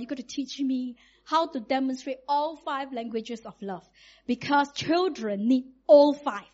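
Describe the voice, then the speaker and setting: A middle-aged woman, preaching in a lively, conversational way and acting out quotes. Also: sits high, dull audio. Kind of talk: sermon.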